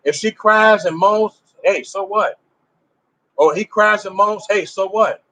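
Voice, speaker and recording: This rough recording captures a man whose voice sits high, bright and forceful, moving a little slowly. His religious teaching is casual yet emphatic, with rhetorical questions aimed at the audience and phrasing that often restarts.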